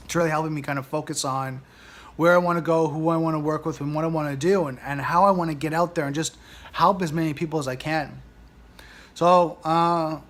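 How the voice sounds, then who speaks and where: A man giving an earnest, rambling vlog monologue about security, often tagging "right?" and "you know" onto his points. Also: fairly high pitch. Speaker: cybersecurity vlogger.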